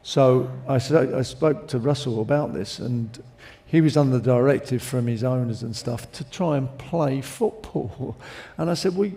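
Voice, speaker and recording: Mellow-voiced male football pundit. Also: medium pitch, unhurried, hardly any pauses. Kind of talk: casual football chat.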